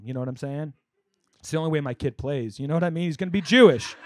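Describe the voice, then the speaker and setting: A young man with a fairly high-pitched voice does a fast stand-up comedy set in a comedy club. He rambles conversationally with lots of fillers, then bursts into louder punchlines.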